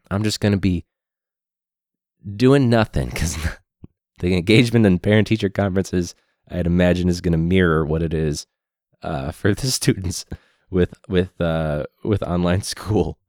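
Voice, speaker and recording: A man who teaches high school, ranting casually with sarcasm and swearing, his throat hoarse from a recent illness. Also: a little mellow, no echo, clean studio sound. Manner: sarcastic, profane, mocking.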